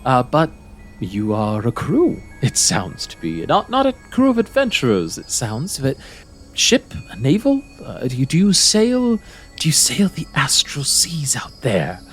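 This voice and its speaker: A man voicing a gracious, serene female celestial who welcomes travelers with gentle formality. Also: mid-range voice, wildly swooping pitch, measured pace, faint music behind, voice pushed up. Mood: welcoming.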